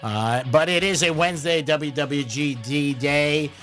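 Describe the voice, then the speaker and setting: A man hosting a morning radio show from a studio, easygoing and quick to laugh, taking teasing in stride. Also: fairly high pitch, a bit bright, soft background music. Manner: easygoing, laughs often, apologetic. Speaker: radio host. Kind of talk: casual morning radio chat. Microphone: studio microphone.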